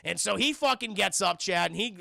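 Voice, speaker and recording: Male streamer, animated and profane, high voice, bright and gravelly, dry close mic. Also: a little fast, no echo. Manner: animated, profane, keeps addressing chat. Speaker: streamer film reviewer. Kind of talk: casual scene-by-scene film recap to live chat.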